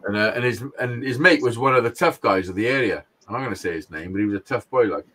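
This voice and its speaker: Guy, middle-aged, kinda low voice, swears a lot and laughs while he rambles through a story. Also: animated, quick pace, fairly bright tone. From Wales. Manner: blunt, sweary, laughs often. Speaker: podcast co-host. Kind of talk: casual storytelling chat.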